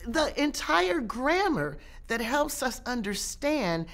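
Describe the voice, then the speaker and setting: A middle-aged woman professor and author answering interview questions in a measured way, often pausing and restarting her phrases. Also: high voice, very animated, a bit bright. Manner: measured, with frequent restarts and pauses.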